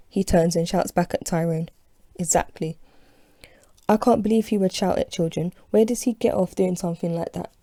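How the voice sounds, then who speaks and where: A woman's voice: lowish voice, normal speed, warm tone, no room sound, clean studio sound. A woman reading her own novel aloud as an audiobook, telling it in the first person with expression. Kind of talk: audiobook narration.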